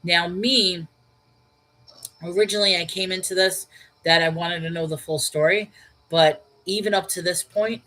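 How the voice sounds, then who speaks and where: Reading chat on her casual Bible study livestream, a woman thinks aloud, with fillers and restarts. She speaks at a moderate pace in a fairly low, steady voice with a sharp tone, over a rough recording.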